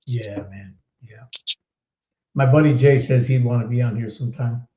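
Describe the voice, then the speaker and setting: An upbeat man hosts a casual live podcast, chatty and quick to laugh. His voice sits at an ordinary middle pitch. The sound is roomy and a little dull, as if from a webcam setup. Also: warm tone, a little hiss or hum. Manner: upbeat, reads viewer comments aloud, laughs easily. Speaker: podcast host. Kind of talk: casual live-stream chat.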